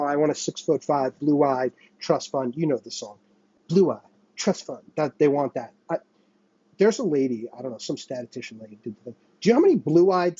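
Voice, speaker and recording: A man's voice: medium pitch, warm tone, breathy edge, no room sound, muffled recording. A young man hosting a podcast, venting in a profane monologue and mocking other people by quoting them. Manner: vents with heavy profanity and mocking quoted voices. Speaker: podcast host. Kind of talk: ranting monologue.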